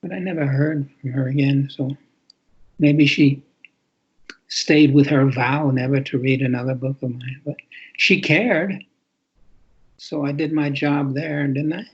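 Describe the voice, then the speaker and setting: A man's voice: medium pitch, fairly even intonation, normal speed, a little mellow, breathy edge, muffled recording. A man in his eighties from New York City, a children's author telling wry stories in a casual interview, chuckling as he reads out readers' letters. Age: 80s. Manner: wry storytelling, chuckling, reading letters aloud. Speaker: children's book author, guest.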